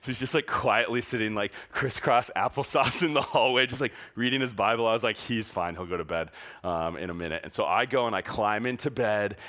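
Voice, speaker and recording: A young adult man speaking as a youth pastor, telling a story to students in an animated, casual way, full of "like" and laughing as he talks. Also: on the low side, a little fast. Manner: animated, filler-heavy, laughing through the telling.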